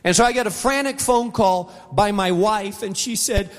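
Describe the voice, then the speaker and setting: A man's voice: high-pitched, moderate pace. A middle-aged man preaching a sermon to an auditorium, telling a story and acting out the voices of the people in it. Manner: storytelling, acts out quoted voices. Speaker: pastor. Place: large auditorium. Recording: long hall reverb.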